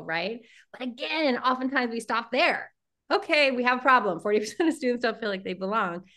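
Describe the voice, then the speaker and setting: A woman author speaking as a guest in a conversational interview, thoughtful and animated, laughing easily. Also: mid-range voice.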